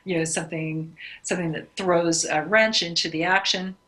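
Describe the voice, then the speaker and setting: A woman with a bright, forceful voice co-hosts a casual podcast. She chats freely and laughs often between remarks. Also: lowish voice, fairly even intonation, moderate pace. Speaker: podcast co-host. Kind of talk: casual chat.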